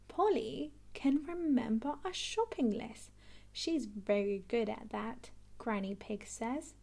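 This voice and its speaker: A woman reading a children's picture book aloud, expressive and clear. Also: fairly high pitch. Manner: animated, expressive, slow and clear. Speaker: storybook reader. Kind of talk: read-aloud children's storytelling.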